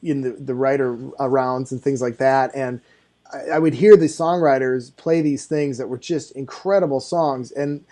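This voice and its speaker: A man's voice: medium pitch, steady tone, moderate pace, dark tone. A man hosting an interview, easygoing and affirming in a chatty way. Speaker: podcast host. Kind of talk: casual interview chat.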